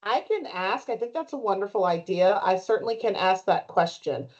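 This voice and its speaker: A woman speaking at a town committee meeting, halting with many fillers and restarts. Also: mid-range voice, lively intonation, darkish tone. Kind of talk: meeting discussion. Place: meeting room. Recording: muffled meeting recording.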